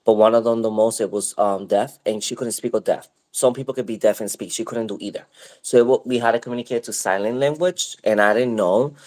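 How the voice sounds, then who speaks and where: Man, casual co-host; low, loose, filler-heavy storyteller. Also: a little fast. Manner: rambling, animated retelling with many fillers.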